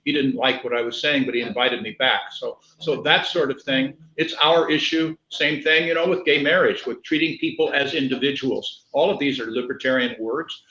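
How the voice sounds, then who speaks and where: An earnest man of middle pitch telling stories as a candidate. His voice comes through a roomy, echoing space, and the call audio is dull and muffled. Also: normal speed, few pauses, pushed and bright. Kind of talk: measured conversational answers. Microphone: video call.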